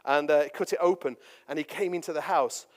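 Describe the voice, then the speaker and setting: A man's voice: on the high side, brisk, big-room sound. A man, a pastor telling chatty, self-deprecating stories in a sermon. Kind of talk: storytelling sermon.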